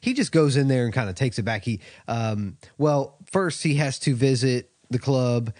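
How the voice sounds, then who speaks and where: A man co-hosts a film podcast in an easygoing, meandering way, dropping casual swears and chuckling at what he recalls. His voice sits at an ordinary pitch. The sound is dry and close, with no room around it. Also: moderate pace, a little mellow, dry recording. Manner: laid-back, rambling, profane, with small laughs. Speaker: podcast co-host.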